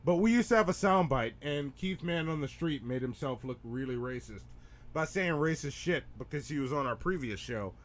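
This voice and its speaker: Emphatic male podcast co-host, casual comedic chat, pitch-swinging, a bit high. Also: moderate pace, a little hiss or hum. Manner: animated, emphatic, repeats himself for effect.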